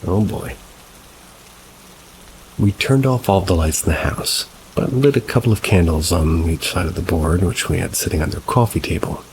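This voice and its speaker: A man reading reader-submitted paranormal stories as scripted narration, at a slow, measured pace. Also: low voice, background noise. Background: rain.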